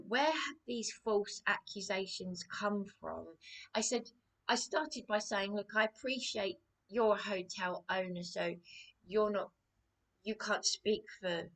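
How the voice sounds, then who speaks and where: A woman from England rambling aggrievedly in a personal vlog, repeating herself with many restarts, her voice a little hoarse. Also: medium pitch, a bit bright. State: voice a bit hoarse. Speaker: vlogger.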